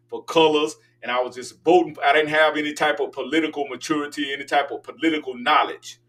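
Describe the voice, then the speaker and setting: Fired-up older man, bright voice. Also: a little high, recorded from a distance. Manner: emphatic, ranting, preachy. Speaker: political talk show host. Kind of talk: opinionated monologue.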